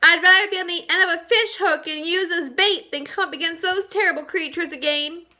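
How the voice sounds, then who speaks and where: A woman voicing a frightened old blind earthworm in a storybook read-aloud, with shrill, panicky wailing. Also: brisk, pushed and bright, full character voice. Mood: terrified.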